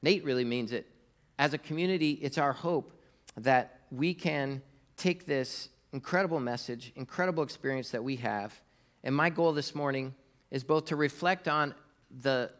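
A man's voice: mid-range voice, moderate pace, a bit bright. A middle-aged man giving a conversational sermon as pastor, speaking casually to the congregation with fillers and prompts to the audience.

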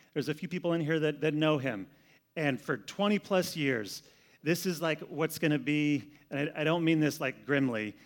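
A man preaching a sermon in a conversational manner, often repeating words as he goes. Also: a little high. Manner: conversational, repeats words, shifts between loud and soft. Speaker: pastor.

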